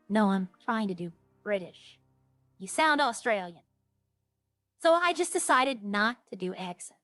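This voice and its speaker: A woman's voice: a little high, a bit bright, no echo. A woman streamer rambling in casual, self-deprecating chat with her viewers.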